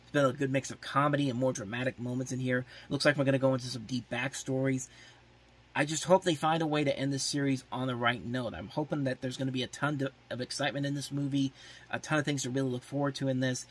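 A man's voice: medium pitch, steady tone, fast, breathy edge. A man hosting a podcast, giving a casual, rambling movie preview full of "like" fillers and restarts, openly opinionated and exasperated. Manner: opinionated, exasperated about films. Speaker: podcast host.

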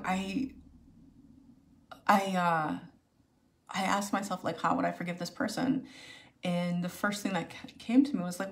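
A woman speaking to her viewers, telling a personal story in a halting, emotional way with many restarts. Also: fairly low pitch, gravelly. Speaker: video host sharing a personal story.

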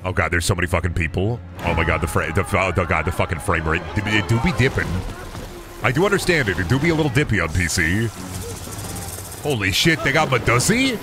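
A man streaming a video game, talking crudely and excitably and laughing often. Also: deep voice, brisk. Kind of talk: casual gameplay commentary. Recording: music playing behind the voice.

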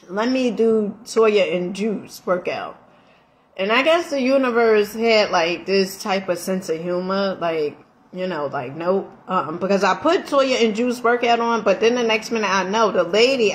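A middle-aged woman vlogging, telling a story in a casual, animated way, laughing often, with slang and emphatic swearing. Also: medium pitch. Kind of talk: casual storytelling chat while eating.

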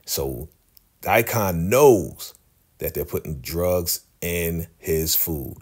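Husky, low-voiced man recapping TV. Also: extremely slow. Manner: chatty, animated, laughs often. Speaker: YouTube episode recapper. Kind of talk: casual TV recap.

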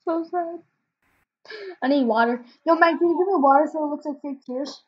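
A woman's voice: high voice, moderate pace, dull audio. A woman hosting a casual reaction video, rambling with hesitant fillers and restarts.

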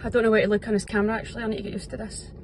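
A young Scottish footballer vlogs her day to her phone camera, indoors at home and at the training ground, whispering early in the morning. Her mid-range voice barely moves in pitch and comes rapid-fire over slight background noise. She's chatty and upbeat, joking at her own expense.

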